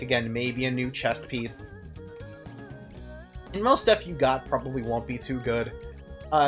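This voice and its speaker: Brief: young male streamer, rambling and profane, chuckling, faint game music underneath. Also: a little high. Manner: rambling, profane, laughs often. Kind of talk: casual gameplay commentary.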